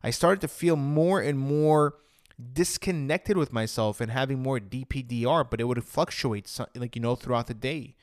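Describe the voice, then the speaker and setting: A man's voice: medium pitch, moderate pace, no room sound, studio quality. A man telling his own story to camera in an earnest, emotional way, often acting out what he thought back then. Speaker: vlogger sharing his personal story. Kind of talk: personal storytelling monologue.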